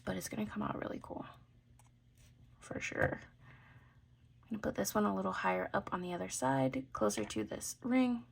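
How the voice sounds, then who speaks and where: A woman hosts a beading tutorial in a loose, chatty way, thinking aloud as she works. Her voice has a gravelly creak, set at a middle pitch for a woman. A faint hiss sits under the recording. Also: normal speed, long pauses. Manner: chatty, thinking aloud, drifting into soft mutters. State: has the hiccups. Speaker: jewelry-making channel host. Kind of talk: casual craft tutorial chat.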